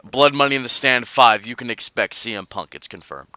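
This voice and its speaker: A man co-hosting a casual wrestling podcast, reading fan mail and rambling through his opinions in an animated way. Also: mid-range voice, fairly quick, no room sound. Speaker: podcast co-host.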